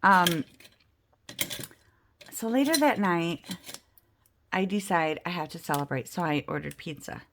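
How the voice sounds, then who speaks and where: A woman vlogging at home, telling a self-mocking story in a chatty, animated way while playing a game. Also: fairly low pitch, measured pace, long pauses, slight background noise. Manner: chatty, self-mocking, animated storyteller who acts out the other people's lines. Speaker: budget and game-night vlogger.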